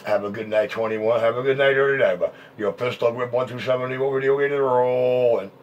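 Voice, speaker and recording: A man's voice: mid-range voice, fairly even intonation, brisk. New man chanting CB call signs. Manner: chants call signs in sing-song repeats. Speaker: CB radio operator. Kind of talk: CB radio chatter. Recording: muffled CB radio audio.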